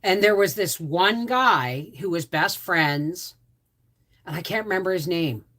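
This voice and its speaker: A woman's voice: lowish voice, unhurried, a bit bright. A woman hosting a casual livestream, rambling with frequent restarts and asides. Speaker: homestead channel host.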